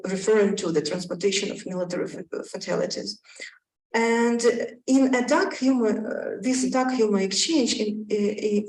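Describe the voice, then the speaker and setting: A woman giving an academic talk on slides, halting with many fillers and restarts. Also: mid-range voice, darkish tone, recorded from a distance. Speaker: conference panelist. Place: conference room. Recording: roomy hall, speaker off-mic.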